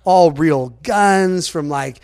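A man, a podcast guest, telling stories in a rambling, animated way, full of "like" fillers and acted-out quotes. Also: fairly high pitch, takes it slowly. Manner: acts out other people's lines in quotes. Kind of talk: casual storytelling in an interview.

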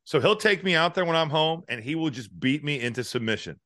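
A man co-hosting a casual sports podcast, telling stories in an animated way and laughing often. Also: fairly high pitch, a little fast, no room sound, clean studio sound. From Indiana. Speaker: podcast co-host.

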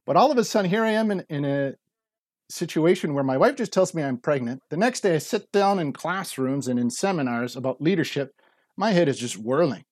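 A man's voice: fairly high pitch, animated, fairly quick, no echo, clean studio sound. A man in his forties telling his story earnestly as a podcast guest, acting out quoted speech. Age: 40s. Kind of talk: casual interview talk.

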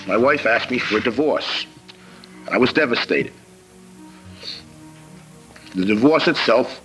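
An older man giving formal testimony in a slow, measured way, as if reading a prepared statement. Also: mid-range voice, fairly bright tone, rough recording. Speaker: testifying witness.

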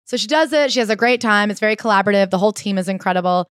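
A woman's voice: mid-range voice, very fast, smooth, dry recording, clean studio sound. A woman co-hosting a casual book-review chat, recapping the story and dropping wry asides. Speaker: podcast co-host.

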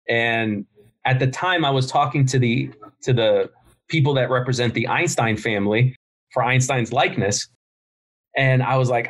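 A man's voice: mid-range voice, fast, a bit bright. A middle-aged man, a podcast guest and business founder, telling stories bluntly in casual interview talk and swearing freely.

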